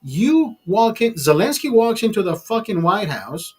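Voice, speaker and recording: A man's voice: sits high, sing-song, measured pace, slightly rough, faint music behind. A man hosting his own channel, delivering a heated, profane political rant full of restarts. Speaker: channel host.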